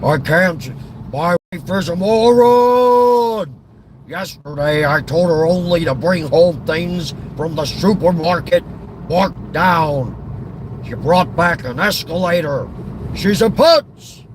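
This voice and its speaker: A man's voice: on the high side, slow. A man doing an impression of a crotchety, grumpy old man who gripes and sneers, over car road noise. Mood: griping. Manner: gruff, kvetching, sneering.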